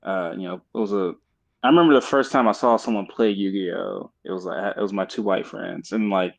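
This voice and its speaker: A man in his thirties co-hosting a podcast, telling stories in an animated way and laughing easily. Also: deep voice, a little fast, creaky. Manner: animated storyteller, laughs easily, says "yeah" a lot. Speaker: podcast co-host. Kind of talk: casual chat. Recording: dull lo-fi mic.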